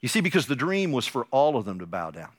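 A male pastor preaching a sermon, telling the story with animated drama and joking asides. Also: mid-range voice, fast talker.

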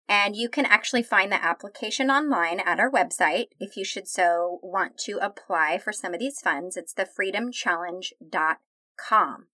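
A woman's voice: mid-range voice, sharp tone, no echo. A woman hosting a podcast interview, speaking with an enthusiastic, smiling delivery. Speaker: podcast host.

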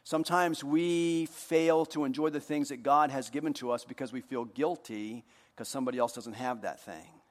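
A man preaching a sermon to his congregation, joking with them and moving between hushed earnest moments and loud, playful ones. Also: medium pitch, steady tone, normal speed, in a large hall. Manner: jokey, talks directly to the congregation. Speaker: pastor. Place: church hall.

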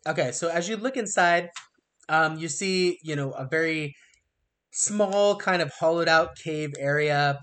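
A man narrating and running a tabletop role-playing game as game master, relaxed and descriptive with frequent fillers. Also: on the high side, unhurried.

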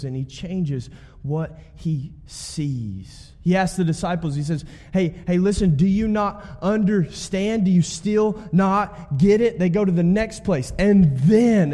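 A man's voice: fairly high pitch, dark tone. A man preaching as a guest pastor, conversational, often asking the congregation to respond. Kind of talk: sermon. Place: church sanctuary. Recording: long church hall reverb.

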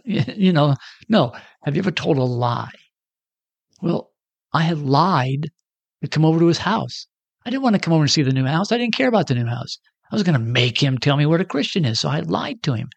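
A man's voice: on the high side, very animated, a little fast, vocal fry, husky, no room sound. A man in his sixties telling a personal story in a casual, self-deprecating way and acting out the dialogue. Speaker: storyteller giving a personal testimony.

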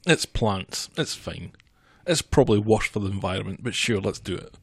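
A woman's voice: very deep voice, expressive, normal speed, husky, dry recording. A woman in casual chat, making dry, teasing asides as she listens to a story.

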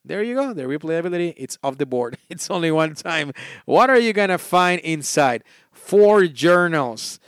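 Chatty game podcast host, dry close sound. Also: male voice, a little high, very animated, moderate pace, a bit bright, clear, resonant tone, no room sound. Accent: non-native English accent. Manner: chatty, restarts often while reading game text aloud. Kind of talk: casual board game review.

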